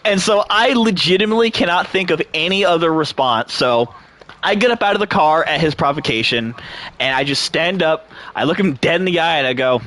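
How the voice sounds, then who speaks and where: Slightly high-voiced and fairly quick, a young gaming host recounts a long story from his own life, animated and informal, swearing openly, laughing frequently and doing voices for those he quotes.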